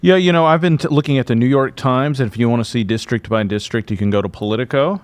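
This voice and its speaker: Smooth-voiced male producer, dry sound. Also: medium pitch, fast, no echo. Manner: helpful, explaining where to look. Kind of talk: casual studio talk.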